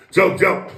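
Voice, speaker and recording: A man of Samoan heritage speaks in a loose, rambling monologue, his voice a little higher than most men's. He swears constantly and lectures the listener, stumbling over and repeating his words. The room around him is echoey. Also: fairly bright tone. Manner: profane, preachy, repeats and restarts words. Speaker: guest. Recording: roomy echo.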